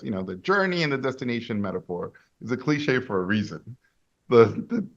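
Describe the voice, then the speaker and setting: Animated, lo-fi man from Mexico. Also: lowish voice. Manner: animated, enthusiastic storyteller with big swings in loudness. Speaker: guest animator and director. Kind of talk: storytelling interview answer.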